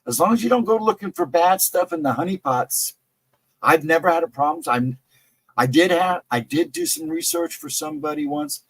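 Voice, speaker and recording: A man's voice: fairly high pitch, very animated, normal speed, vocal fry, fairly bright tone, husky, no echo. A man hosting a casual livestream chat, rambling and easygoing, often laughing. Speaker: host.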